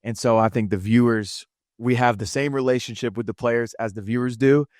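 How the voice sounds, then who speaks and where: A man's voice: medium pitch, fairly even intonation, a little fast, darkish tone, no echo, studio quality. Earnest man co-hosting a podcast. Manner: earnest, encouraging, motivational. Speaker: podcast co-host. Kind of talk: casual podcast chat.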